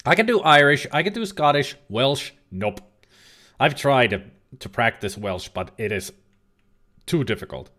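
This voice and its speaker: A man's voice: medium pitch, expressive, unhurried, sharp tone. A man giving casual, rambling let's-play commentary as a streamer, joking and now and then swearing. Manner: chatty, rambling, jokey, occasional swearing.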